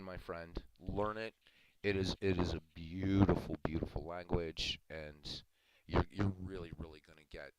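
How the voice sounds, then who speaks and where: Low-voiced male host, loose rambling chat with chuckles, noisy recording. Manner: rambling, chuckling, repeats himself. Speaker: stream host. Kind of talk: casual chat. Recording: loud background noise.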